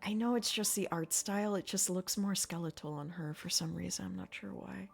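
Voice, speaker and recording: A woman's voice: lowish voice, fairly even intonation, a little fast, gravelly, faint music behind. A woman streamer chatting casually and playfully to her viewers while she plays a game, often breaking into giggles. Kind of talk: casual live-stream chat while gaming.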